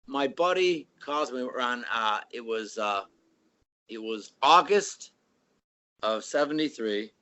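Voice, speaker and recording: Older guy from chicago telling stories, does the voices, pretty animated. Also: medium pitch, slow pace. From Chicago area, USA. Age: 60s. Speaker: band member guest. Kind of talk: casual storytelling.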